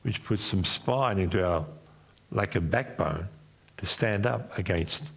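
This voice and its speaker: With a gravelly, slightly breathy voice and a somewhat slow pace, an Australian man preaches as pastor in a church. Retelling stories, he takes on the voices of those involved, his pitch moving up and down.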